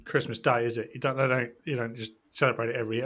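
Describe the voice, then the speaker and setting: A man's voice: mid-range voice, flat delivery, very fast, fairly bright tone. A man co-hosting a casual political podcast, laughing often and trading wry banter. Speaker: podcast co-host.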